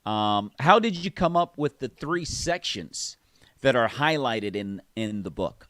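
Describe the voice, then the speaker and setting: A man's voice: medium pitch, expressive, measured pace, a bit bright, dry recording. A male host, talking casually and enthusiastically and often repeating his words. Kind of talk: conversational interview.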